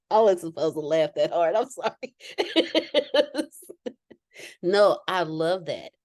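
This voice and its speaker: Lively, laughing woman hosting a call. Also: on the low side, dry recording, studio quality. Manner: animated, laughs often, candid. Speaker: group call host. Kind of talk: casual group call.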